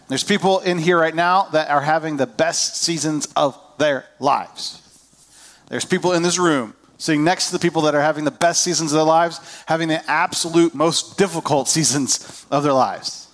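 Animated, high-voiced male pastor preaching. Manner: conversational, animated, acts out voices of worried people. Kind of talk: sermon. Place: church hall.

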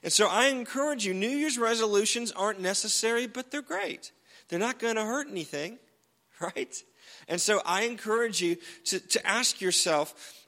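Bright, high-voiced pastor in a reverberant hall. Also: male voice, lively intonation, normal speed. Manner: chatty, jokey, with frequent restarts. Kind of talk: sermon.

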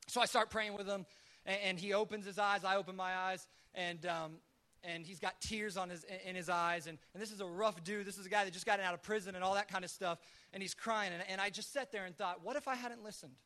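A man preaching as a pastor, telling stories in a loose conversational sermon. His voice is high and bright, and he talks quickly, often restarting his sentences. He acts out the quoted lines of the people in his stories. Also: steady tone. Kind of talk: sermon storytelling.

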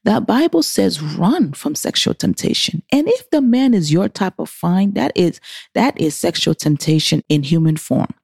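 Low, gravelly woman preaching with lively swings. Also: moderate pace, no echo, studio quality. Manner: acts out inner voices with big theatrical pitch swings; stops short and restarts words mid-sentence. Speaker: Christian advice speaker for single women. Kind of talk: preachy heart-to-heart talk.

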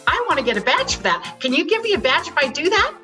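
An eager young boy scout pleads in a high, lively voice, as a woman acts him out. He bounces up and down in pitch during a podcast table read. Clear music plays in the background. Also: quick pace, full character voice.

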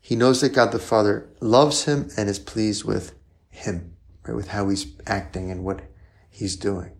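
A man's voice: lowish voice, fairly even intonation, a little slow, vocal fry. A male priest preaching in a conversational style, often asking rhetorical questions and adding "right?". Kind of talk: sermon.

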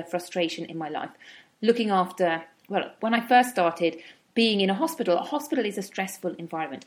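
A middle-aged woman giving a reflective teaching talk, with acted inner-voice asides. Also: medium pitch. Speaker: wellbeing speaker.

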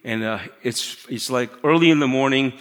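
Bright-voiced male pastor preaching conversationally. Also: mid-range voice, normal speed, clean tone. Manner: conversational preaching, drops to a hush for emphasis. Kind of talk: sermon.

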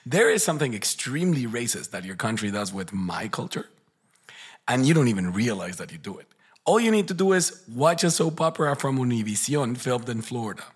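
Mexican man, native Spanish speaker, husky voice, teasing podcast co-host. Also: mid-range voice, sing-song, fairly quick. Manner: joking, teasing. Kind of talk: casual chat.

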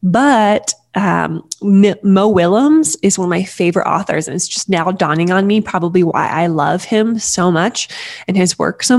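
A woman's voice: lowish voice, gravelly. A woman in her thirties talking casually and lightheartedly, giving parenting advice with many fillers and restarts.

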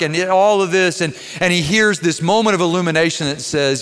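A man's voice: high voice, fairly quick, hardly any pauses, fairly bright tone. A pastor preaching a sermon in a conversational storytelling way, putting direct questions to his congregation. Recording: long hall reverb.

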